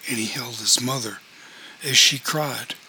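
A man's voice: mid-range voice, measured pace, sharp tone, slightly rough, rough recording. A man narrating a story aloud, reading the characters' dialogue with only mild changes in his voice. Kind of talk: audiobook narration.

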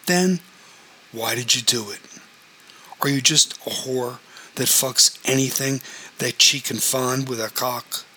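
A man reading as an enraged betrayed wife, bitter and accusing, each question snapping harder than the last, bright clear tone with a faint hiss behind it. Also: mid-range voice, slow pace, pauses often, low-quality recording. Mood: furious. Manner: accusing, bitter, sharpening to shouts. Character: furious betrayed wife confronting her cousin.

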